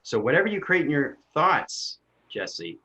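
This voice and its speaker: A man's voice: on the high side, sing-song, unhurried, bright, forceful tone, poor audio. Insistent man lecturing on spirituality. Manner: insistent, explanatory, jargon-heavy. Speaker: spiritual healer answering questions. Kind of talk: lecturing in a casual chat.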